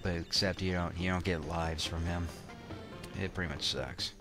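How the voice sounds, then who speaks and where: A man's voice: low-pitched, fairly even intonation, normal speed. A young man casually commenting on his own gameplay, rambling with lots of fillers and restarts and some crude words. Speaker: let's play commentator. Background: game music.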